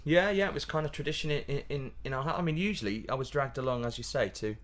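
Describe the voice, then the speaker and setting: A man chats as a guest in a relaxed interview, lively and quick to laugh. He keeps tripping into restarts and side comments, and his voice sits at an ordinary middle pitch. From Yorkshire, England. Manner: animated, laughing, many restarts. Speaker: pantomime comedian guest. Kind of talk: casual interview chat.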